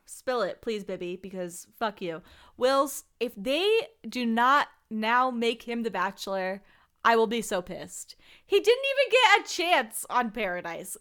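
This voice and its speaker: A young woman co-hosting a casual podcast, her voice sitting a little high. She talks bluntly with an exasperated edge and swears freely. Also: very animated, unhurried, a bit bright. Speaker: podcast co-host. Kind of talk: casual chat.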